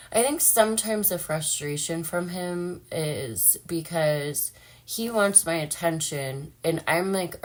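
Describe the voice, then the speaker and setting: A young woman talking casually and emotionally in a personal vlog, chatty and full of fillers. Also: low voice. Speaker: vlogger.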